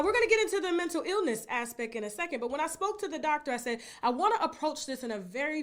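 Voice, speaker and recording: Bright, high-voiced emphatic woman. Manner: emphatic, repeats "okay?" and "you understand?". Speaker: gossip vlogger. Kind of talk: animated commentary monologue.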